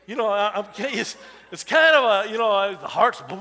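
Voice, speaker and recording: Pastor, man, fifties, high and bright, folksy storytelling sermon in a reverberant church hall. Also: a little fast. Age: 50s. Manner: personal storytelling, many "you know" asides. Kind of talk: conversational sermon. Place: church sanctuary.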